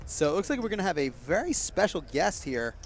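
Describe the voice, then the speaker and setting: A man's voice: on the high side, a little fast. A man calling a heads-up poker match on a live stream, his tone loose and chatty as he trades jokes with his co-host. He restarts his sentences now and then, and a faint hum of the room sits under his voice. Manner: relaxed banter, frequent restarts. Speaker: poker commentator.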